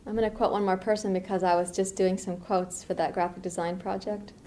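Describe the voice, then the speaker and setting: A middle-aged woman from the US East Coast, a meditation teacher, gives a dharma talk. She speaks in an unhurried, reflective way with a mid-range voice, adding lively asides.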